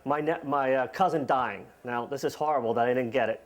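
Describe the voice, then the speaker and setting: Self-mocking man telling a live story. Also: mid-range voice. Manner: casual, self-mocking, laughing through the story; acts out dialogue with quick voice shifts. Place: live event stage.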